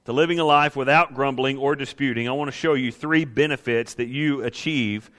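A man's voice: mid-range voice, fairly quick, fairly bright tone, long reverb tail. A man preaching a sermon in a conversational way, now and then acting out the grumblers he quotes. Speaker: pastor.

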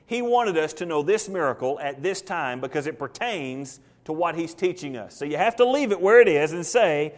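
A man's voice: fairly high pitch, lively intonation, normal speed, hardly any pauses. A male pastor preaching an expository sermon, talking conversationally, questioning his congregation and acting out what biblical figures might have thought. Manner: acts out biblical figures' thoughts in quoted voices.

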